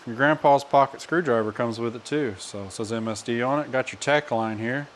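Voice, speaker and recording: Speaking a little fast in a mid-range voice, a man narrates his DIY truck build while working on it in a home garage or shop. His garage talk is wry and rambling, sprinkled with casual swearing, and a faint hiss or hum sits in the recording.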